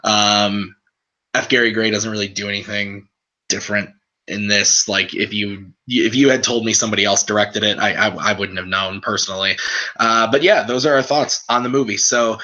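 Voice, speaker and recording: A man hosts a laid-back movie review, his voice bright and forceful. He talks loosely, with plenty of "like" and "um" between his points. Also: on the low side, moderate pace, lo-fi sound. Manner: relaxed, filler-heavy, lots of "like" and "um". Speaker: host of a movie review channel. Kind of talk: casual movie review chat.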